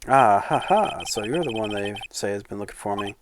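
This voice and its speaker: A man's voice: on the low side, animated, moderate pace, background noise, lightly acted. A man voicing a pompous, evasive older male lawyer in a video game.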